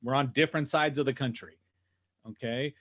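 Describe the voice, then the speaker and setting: A man coaching dealership sales staff over a video call, energetic and rhetorical, constantly checking in with "right?" and "okay?". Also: mid-range voice, brisk. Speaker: sales trainer. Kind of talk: animated teaching on a video call.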